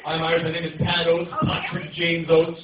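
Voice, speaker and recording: A man doing brash, teasing stand-up crowd work, swearing and jumping into shouted punchlines. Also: on the high side, monotone, moderate pace, far from the mic, over music. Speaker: stand-up comedian. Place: comedy club with a loud audience. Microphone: phone camera in the audience, far from the stage. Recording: dull, echoey phone clip from afar, loud crowd.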